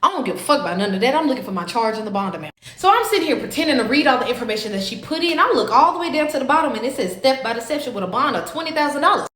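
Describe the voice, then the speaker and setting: A woman, telling a story in a dramatic, profane, animated way. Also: high voice, racing, few pauses, echoey room. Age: 20s. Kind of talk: casual storytime.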